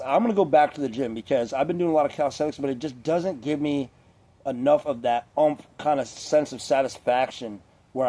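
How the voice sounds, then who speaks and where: A man's voice: fairly high pitch, warm tone. A man talking in a casual rambling monologue, swearing often and filling his sentences with filler words. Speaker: vlogger.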